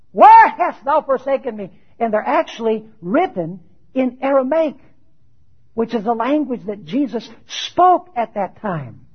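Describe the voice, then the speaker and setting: A preacher with a slightly rough voice asks his congregation questions, then supplies the answers. Scripture quotations come out loud, while the questions drop to a low tone, all captured in dull lo-fi sound.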